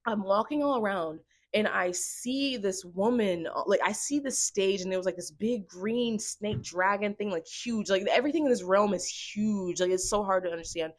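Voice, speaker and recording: Excitable woman vlogger, rambling. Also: medium pitch, normal speed. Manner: excitable, rambling, full of "like" fillers. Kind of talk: casual storytelling to camera.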